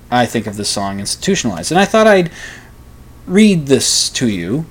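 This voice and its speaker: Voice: medium pitch, moderate pace. An adult speaker chatting casually and hesitantly, chuckling while introducing a song to read aloud. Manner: chuckling, hesitant, lively intonation. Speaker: reader of song lyrics. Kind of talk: casual spoken commentary.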